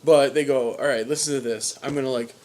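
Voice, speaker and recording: A man's voice: mid-range voice, fairly even intonation, a little fast, darkish tone. A young man co-hosting a podcast, casually retelling a TV episode with loose, profane mock dialogue. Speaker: podcast co-host. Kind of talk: casual recap chat.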